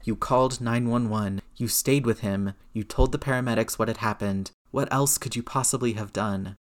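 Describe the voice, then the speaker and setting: A man's voice: mid-range voice, moderate pace, lightly acted. A man reading aloud who voices a blunt, swearing, grieving middle-aged aunt comforting her nephew in a storybook reading. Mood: soothing.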